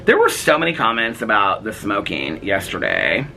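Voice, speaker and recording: A man in his forties rambles casually to a camera on a tripod at home, with a lively, swooping pitch. His voice is bright and fairly low. A faint hiss sits under the recording. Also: normal speed, gravelly. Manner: rambling, chatty, frequent fillers and laughs. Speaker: vlogger. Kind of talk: casual vlog chat.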